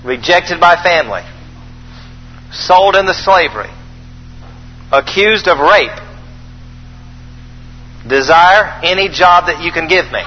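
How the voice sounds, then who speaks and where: A man preaching a sermon, reading scripture aloud with animated, folksy, emphatic asides to the congregation. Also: high-pitched, slow, long pauses, in a large hall, soft background music, rough recording.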